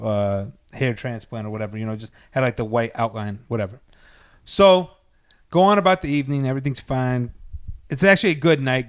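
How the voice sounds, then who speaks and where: A man who works as a DJ, telling a story as a podcast guest in a casual, profane, animated way. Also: medium pitch, no echo, studio quality.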